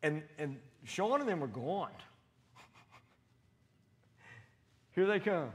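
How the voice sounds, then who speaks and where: A man preaching a sermon in a church, animated and storytelling, acting out voices as he quotes people. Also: fairly high pitch, moderate pace, pauses often. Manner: animated, acts out quotes with loud shouted voices.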